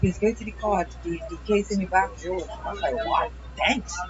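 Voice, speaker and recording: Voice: medium pitch, brisk, a crowd in the background. A speaker chatting casually, telling rambling, slurred stories that are hard to follow. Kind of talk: casual chat. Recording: dull lo-fi stream audio, loud music behind.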